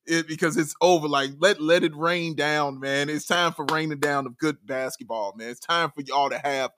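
A man co-hosting a casual sports talk show, excitable, laughing often and raising his voice when thrilled. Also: a little high, moderate pace, no echo. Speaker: podcast co-host.

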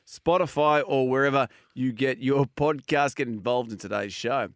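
A man's voice: mid-range voice, normal speed, dry recording, clean studio sound. Joking Australian male radio host. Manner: jokey, reads from the newspaper aloud. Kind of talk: casual sports radio banter.

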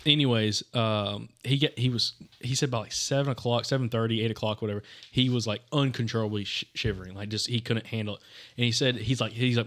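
Rambling storytelling man, casual and chatty. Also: mid-range voice. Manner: rambling storyteller, lots of fillers and "dude". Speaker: podcast co-host. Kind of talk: casual hunting chat.

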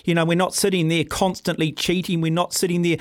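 A combative middle-aged radio host, his voice pitched notably high for a man. He argues hotly with a caller, throws sarcastic jabs and keeps cutting in with the caller's name. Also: flat delivery, quick pace. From New Zealand. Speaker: radio talk show host. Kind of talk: heated talkback argument.

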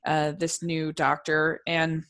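A woman in relaxed casual chat, speaking hesitantly with many pauses. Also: sits low.

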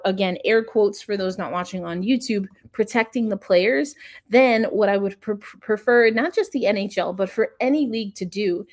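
A woman hosting a sports podcast from a friend's house, talking casually and sarcastically, with frequent restarts. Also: mid-range voice. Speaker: podcast host.

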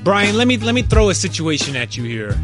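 A man co-hosting a podcast, chatting in a relaxed, easygoing way. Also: sits high, brisk, loud music behind the voice. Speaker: podcast co-host. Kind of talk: casual interview chat.

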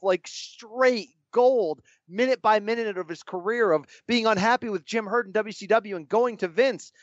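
A man with a high voice argues with animated emphasis in a casual chat, firing off rhetorical questions. The recording is dull and lo-fi, and very dry. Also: no room sound. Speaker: podcast co-host.

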